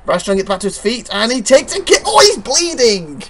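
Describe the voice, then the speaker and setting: A host giving playful, excitable play-by-play commentary on a wrestling video game show. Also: mid-range voice, a little fast, heavy background noise. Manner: excitable, exclaims often.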